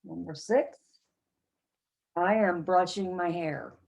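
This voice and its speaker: A woman's voice: lowish voice, slow, creaky, darkish tone, lo-fi sound. A woman teaching an English pronunciation lesson to a class, carefully modeling short sentences for learners to repeat.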